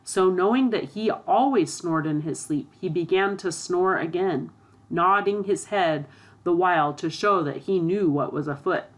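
A woman narrating a storybook aloud in a steady, expressive reading. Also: fairly low pitch, measured pace.

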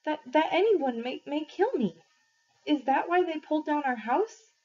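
An anxious peasant boy pleads in a raised, breaking voice, as a woman reading aloud puts him on. The tone is husky and slightly veiled. The recording is muffled and lo-fi. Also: on the high side, sing-song, a little mellow, pitched above the performer's own voice. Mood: frightened. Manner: anxious, halting. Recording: dull lo-fi recording.

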